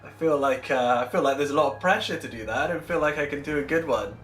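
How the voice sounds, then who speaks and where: A man's voice: mid-range voice, quick pace, a bit bright, echoey room, faint music behind. A man hosting a casual livestream while painting miniatures, chatty and rambling as he answers his chat, speaking into a Bluetooth microphone.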